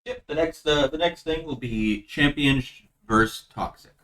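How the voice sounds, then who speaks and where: A man hosting a casual online quiz show, chatting haltingly and laughing often. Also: fairly high pitch, fairly bright tone, rough recording. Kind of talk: casual gaming chat.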